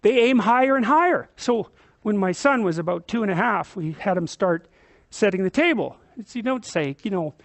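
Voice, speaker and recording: A middle-aged man lecturing as a psychologist, telling stories in an animated, emphatic way and swearing casually. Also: high voice, moderate pace, dry recording. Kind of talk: storytelling lecture.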